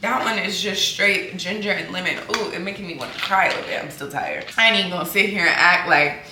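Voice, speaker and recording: A woman's voice: lowish voice, fast talker. A tired woman chatting casually to her viewers in a vlog, candid and talkative. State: sleepy and tired. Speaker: vlogger. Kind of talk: casual vlog talk to camera. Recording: roomy echo, faint background noise.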